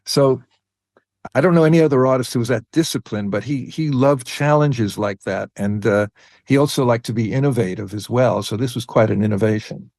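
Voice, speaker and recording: A man in his eighties, with a New York accent tinged with British, tells studio stories as an interview guest in a relaxed, anecdotal way, slowing down to stress details. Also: medium pitch, dry recording. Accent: New York English with a British tinge. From United States. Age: 80s. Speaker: guest, music producer. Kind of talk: conversational interview storytelling.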